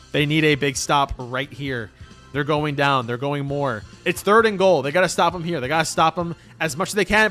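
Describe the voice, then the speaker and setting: A young man hosting a casual sports talk show, recapping plays with excitable, swinging energy between loud calls and mumbled asides. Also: on the high side. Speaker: host.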